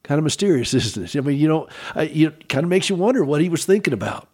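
A man giving a devotional Easter talk in a reflective way, pausing for effect and asking the listener direct questions. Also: fairly high pitch. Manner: reflective, with expressive pauses and emphasis.

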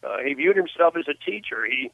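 Older guy calling in, tinny phone sound, gravelly, kinda high, keeps restarting sentences. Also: fairly quick, dry recording. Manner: reflective storyteller with frequent restarts. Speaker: author and guest. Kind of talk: phone interview.

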